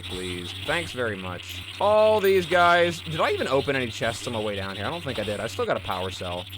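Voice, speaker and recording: A man's voice: medium pitch, noisy background. A young man casually commenting on the video game he is playing, chatty and rambling as he goes. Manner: rambling, chatty, self-deprecating. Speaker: gaming let's play host.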